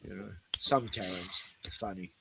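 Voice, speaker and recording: A man's voice: low-pitched, fairly even intonation, normal speed, creaky, heavy background noise. A man hosting a livestream, telling crude, rambling stories and chuckling often. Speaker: livestream host. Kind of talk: casual chat.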